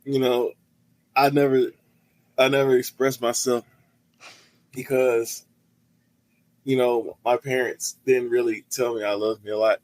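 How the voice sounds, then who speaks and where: A man's voice: medium pitch, flat delivery, a little slow, long pauses, darkish tone, no room sound, voice pushed down, natural voice, low-quality recording. A man voicing his drunk, blunt friend at a bar, who rambles and turns defensive. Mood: sentimental.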